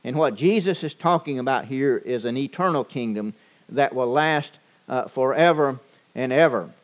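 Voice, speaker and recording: A man preaching a sermon, measured and deliberate, with frequent pauses and fillers. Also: medium pitch. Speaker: pastor.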